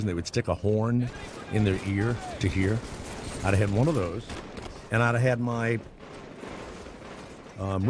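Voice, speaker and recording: Animated rambling male radio host. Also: mid-range voice, background noise. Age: middle-aged. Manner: rambling, sarcastic, animated asides with mock voices. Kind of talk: comedic talk radio monologue.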